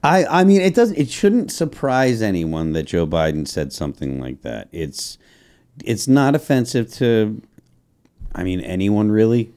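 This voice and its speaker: Deep, dark-voiced man, dryly sarcastic. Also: sing-song, a little slow, smooth. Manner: hesitant restarts, dry sarcasm. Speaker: podcast co-host. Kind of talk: casual panel chat.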